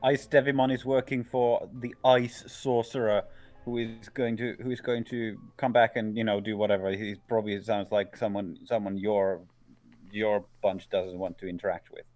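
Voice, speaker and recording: A man's voice: on the low side, level tone, moderate pace, darkish tone. A man playing a tabletop game, speaking casually with some stammering. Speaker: player. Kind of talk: tabletop role-play.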